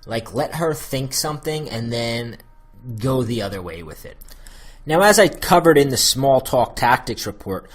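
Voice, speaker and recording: A man with an American accent talks through dating advice in a relaxed, rambling way. His voice is husky and a little breathy, sitting at an ordinary male pitch. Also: normal speed. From United States. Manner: loose and chatty, many fillers. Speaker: dating coach. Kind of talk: casual spoken advice monologue.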